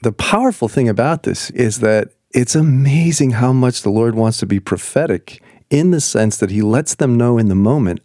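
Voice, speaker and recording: A man's voice: medium pitch, lively intonation, normal speed, a little mellow, no room sound, clean studio sound. A man hosting a casual talk, earnest and encouraging, often affirming his guest. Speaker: host. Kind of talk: casual talk show chat.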